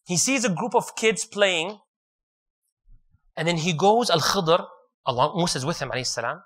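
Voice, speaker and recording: A man preaching a sermon, retelling a story in an animated way and joking and laughing with his audience. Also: sits high, moderate pace.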